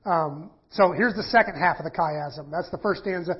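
A man's voice: fairly high pitch, moderate pace, breathy edge. A man teaching a sermon in a conversational way, reading scripture aloud and breaking it down with fillers and restarts. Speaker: preacher. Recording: dull lo-fi sermon recording.

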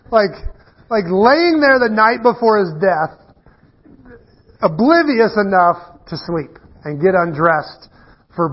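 A middle-aged pastor preaches a conversational sermon in a high-sitting, husky voice, telling stories in a casual, self-deprecating way and restarting often. The recording is dull, muffled and lo-fi.

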